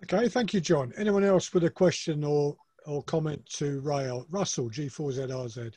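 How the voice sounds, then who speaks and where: A man's voice: on the high side, normal speed, a little mellow, no echo. A man chairing questions at a club meeting on a video call, friendly and joking with lots of fillers.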